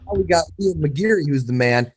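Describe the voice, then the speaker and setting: A man's voice: a little high, lively intonation, a little fast, breathy edge. A man co-hosting a live fight watch-along, commenting casually and teasing his co-hosts with crude banter. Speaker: podcast co-host.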